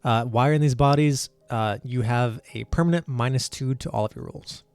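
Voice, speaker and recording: A man's voice: mid-range voice, brisk, darkish tone, clean tone, dry recording. Man running a tabletop game, dry mic. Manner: explains rules loosely with many fillers. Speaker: game master. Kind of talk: casual tabletop game narration.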